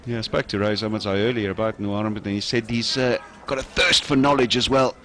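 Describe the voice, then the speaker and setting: A man giving live cricket commentary in a measured way, often pausing with "uh" between phrases. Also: lowish voice, steady tone, fairly bright tone. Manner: measured, frequent "uh" pauses.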